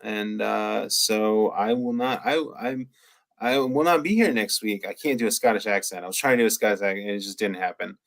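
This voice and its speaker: A man's voice: fairly low pitch, a little fast, gravelly. A man co-hosting a podcast, chatting casually and enthusiastically with lots of fillers. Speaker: podcast co-host. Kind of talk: casual chat.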